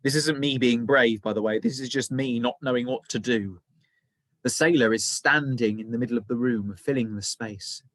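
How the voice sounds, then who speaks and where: Male teacher, reading a children's story aloud, expressive, dramatic, medium pitch, dry close sound. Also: normal speed, dry recording.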